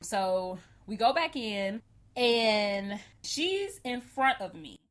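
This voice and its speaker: A woman co-hosting a podcast, telling a story in a lively, animated way, laughing often and acting out what people said. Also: mid-range voice, slow pace. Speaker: podcast co-host. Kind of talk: casual storytelling chat.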